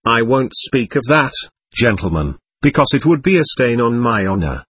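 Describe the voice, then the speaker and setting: A man's voice: mid-range voice, sing-song, normal speed, fairly bright tone, breathy edge, dry recording. A man reading the part of a proud young man under questioning, bitter and scornful in an audiobook. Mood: defiant.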